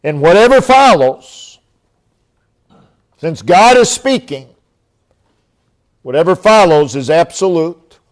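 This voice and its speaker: Slow, emphatic male preacher. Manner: slow, emphatic preaching with long dramatic pauses; drops to a low, quiet voice when quoting God. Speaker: pastor. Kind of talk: sermon.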